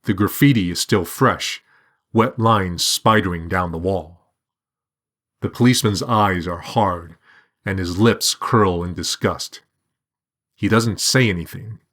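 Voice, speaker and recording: A man reading a short story aloud in a measured, even storytelling manner. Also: deep voice. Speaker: narrator. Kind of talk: scripted narration.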